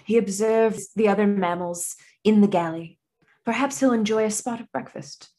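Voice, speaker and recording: A woman's voice: mid-range voice, moderate pace, dark tone, natural voice. A woman putting on a British accent to narrate like a nature documentary. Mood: dramatic. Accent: put-on British.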